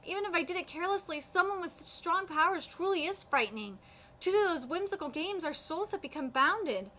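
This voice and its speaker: A woman's voice: very high-pitched, expressive, fairly quick, bright, forceful tone, slight background noise, full character voice. A woman reading as a wistful ancient spirit. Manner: read aloud with hesitant fillers.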